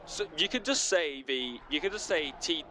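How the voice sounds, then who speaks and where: A man's voice: on the high side, normal speed, slight background noise. A man with a Northern English accent doing casual sim racing co-commentary, chatty and joking. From Northern England. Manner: chatty, joking, lively banter.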